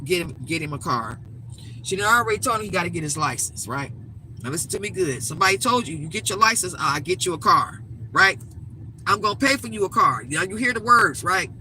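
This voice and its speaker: An older woman hosting a live stream, telling a story in an emphatic, animated way and swearing freely. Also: mid-range voice, slight background noise, rough recording. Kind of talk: casual storytelling rant.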